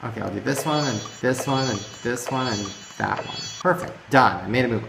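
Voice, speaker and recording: A young man hosting a comedic game commentary video, crude and sarcastic, swinging between deadpan mutters and loud shrieks. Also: medium pitch, a little fast, creaky, few pauses, a little hiss or hum. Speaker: gaming video host. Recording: echoey room with music behind.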